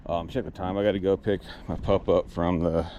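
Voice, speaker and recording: A man's voice: low-pitched, flat delivery, a little fast, dark tone, muffled recording, slight background noise. A man, short of breath, chatting casually and rambling as he works on an old truck for his vlog. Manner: rambling, restarts mid-sentence, plain-spoken. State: out of breath, winded. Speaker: vlogger working on his truck. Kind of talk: casual vlog chat while working.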